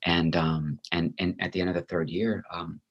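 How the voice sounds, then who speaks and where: A man's voice: deep voice, little pitch movement, moderate pace, husky, lo-fi sound. A man being interviewed as a guest, an actor telling a personal story in an earnest, heartfelt, reflective way.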